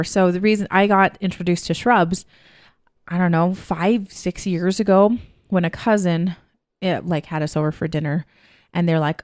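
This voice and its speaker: A woman co-hosts a casual podcast, chatty and eager to tell a story. Her voice sits a bit low, and the sound is dry and close. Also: fairly even intonation, moderate pace, no room sound. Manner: chatty storyteller, acts out quotes. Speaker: podcast co-host. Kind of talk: casual chat.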